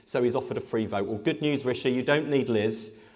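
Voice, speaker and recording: A man's voice: mid-range voice, fairly quick, darkish tone. Joking English politician man in a hall. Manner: joking, punchy political delivery. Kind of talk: live conference conversation on stage. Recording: echoey hall with long reverb.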